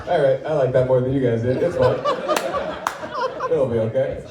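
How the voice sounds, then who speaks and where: Thirties male stand-up, dry offhand delivery, mid pitch, recorded far off in a roomy club with loud audience laughter. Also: a little slow, over a noisy crowd, very noisy. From Portland, Oregon, US. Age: 30s. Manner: wry, offhand, self-deprecating delivery. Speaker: stand-up comedian. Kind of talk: live stand-up comedy set. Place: comedy club stage with live audience.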